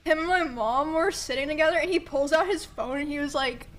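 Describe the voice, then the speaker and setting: A woman's voice: high voice, a little fast, a bit bright. A young woman streamer casually telling family stories to her chat, chatty and giggling, with 'like' in nearly every sentence. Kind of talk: casual storytelling to a live chat.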